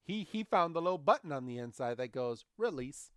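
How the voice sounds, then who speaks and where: Male podcast co-host, lively recap storyteller who acts out lines, dry close sound. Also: fairly high pitch, fast, smooth, no echo. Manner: animated, acts out characters' lines. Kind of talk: casual episode recap chat.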